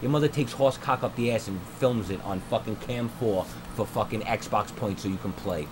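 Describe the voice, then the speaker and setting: A man's voice: lowish voice, normal speed. A young man streaming a game at home on a headset mic, ranting in crude, mocking slang. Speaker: gameplay streamer. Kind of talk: profane ranting gameplay commentary. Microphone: noise-cancelling headset mic. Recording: steady background noise.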